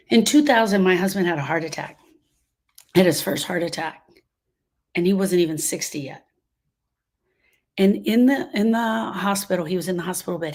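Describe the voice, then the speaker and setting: A woman's voice: fairly low pitch, a little mellow. A woman, hosting a grief podcast and telling her story earnestly, repeating phrases for emphasis. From Louisiana. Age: 60s. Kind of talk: heartfelt storytelling to listeners.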